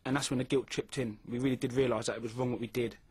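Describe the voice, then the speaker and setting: A man's voice: medium pitch, steady tone, rapid-fire, a little mellow, slightly rough, no echo. A man frankly telling his story in an informal interview, with many fillers. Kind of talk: testimony interview.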